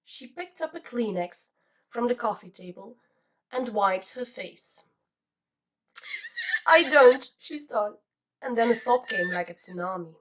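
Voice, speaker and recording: A woman reading a novel aloud as an audiobook narrator, in an expressive, steady style. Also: mid-range voice, far from the mic, poor audio. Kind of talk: scripted narration.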